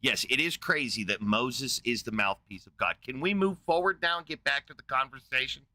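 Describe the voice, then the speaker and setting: A man's voice: mid-range voice, moderate pace, sharp tone. A man hosting a live debate show, arguing with a caller in a profane, mocking, combative way and retelling a scripture story crudely.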